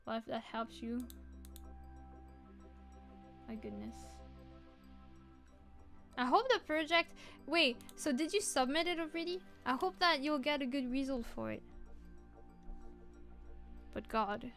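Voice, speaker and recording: Bubbly, high-voiced woman art streamer. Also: unhurried, long pauses, a bit bright, soft background music. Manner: bubbly and playful, chatting with her viewers. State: sleepy, fighting off yawns. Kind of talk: casual chat while drawing.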